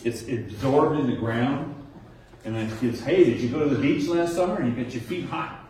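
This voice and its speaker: A man's voice: mid-range voice, normal speed, darkish tone, recorded from a distance, a little hiss or hum. Chatty man teaching from across an echoey room. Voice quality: chatty, acts out kids' answers with rising tones. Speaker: nature center docent training teachers. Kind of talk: informal talk to a small group. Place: indoor room with a nature diorama.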